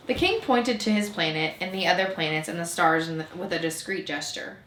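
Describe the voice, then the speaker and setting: A woman narrating a storybook aloud in a gentle, even storytelling manner. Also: on the low side, brisk, few pauses, a little hiss or hum. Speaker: storybook reader. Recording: roomy echo.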